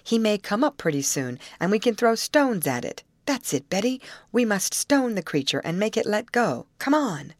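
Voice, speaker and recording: A woman voicing an eager, impulsive teenage girl in a storybook reading, speaking high and insistent. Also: big pitch swings, moderate pace, hardly any pauses, no echo.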